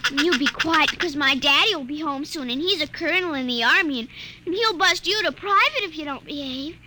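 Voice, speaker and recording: A whiny, excitable little girl. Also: sits high, brisk. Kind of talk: 1940s radio acting. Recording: noisy old radio recording.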